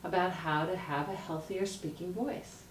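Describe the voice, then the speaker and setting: A woman, a vocal coach, explaining how to speak healthily in a lively, direct teaching manner. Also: on the low side, normal speed. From United States. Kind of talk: instructional explanation with voice demonstrations. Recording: roomy, distant mic, faint noise.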